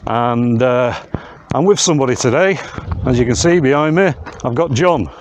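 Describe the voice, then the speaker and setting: A man's voice: mid-range voice, lively intonation. Chatty man outdoors. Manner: chatty, halting with frequent uh fillers. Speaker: host of a wild camping channel. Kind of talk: casual vlog narration to camera. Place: outdoors on open moorland hills. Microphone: handheld camera mic. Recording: outdoor camera audio with clear noise.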